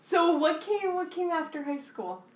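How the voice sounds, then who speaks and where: A woman's voice: very high voice, animated, unhurried, roomy sound. A woman from Canada hosting a casual interview, laughing easily and talking reflectively.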